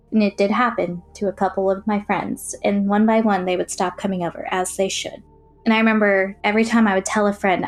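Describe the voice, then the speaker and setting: A young woman recounting her childhood in an interview, in a plain, matter-of-fact way with frequent fillers. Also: medium pitch. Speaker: interview guest. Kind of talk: personal testimony in an interview.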